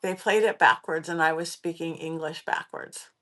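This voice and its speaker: A woman hosting a podcast, a psychic medium telling ghost stories in a casual, animated way and acting out what people said. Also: deep voice, normal speed. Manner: animated, acts out quoted voices. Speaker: podcast host. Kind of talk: casual spooky storytelling.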